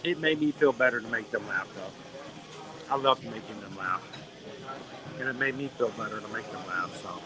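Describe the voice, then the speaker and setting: A middle-aged man hosting a live stream, telling a playful story in a casual, animated way, outdoors in a theme park. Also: fairly low pitch, moderate pace, pauses often, low-quality recording. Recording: busy crowd noise behind. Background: crowd, park sounds.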